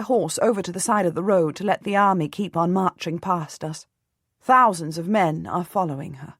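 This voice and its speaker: A woman narrating a historical novel in the first person, steady and measured. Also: lowish voice, dry recording, studio quality. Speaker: audiobook narrator.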